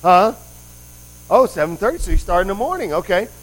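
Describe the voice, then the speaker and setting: A man's voice: high-pitched, sing-song, fairly quick, rough recording. A man preaching a conversational sermon, rambling with asides and quizzing the congregation with questions. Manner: rambling with frequent restarts and asides.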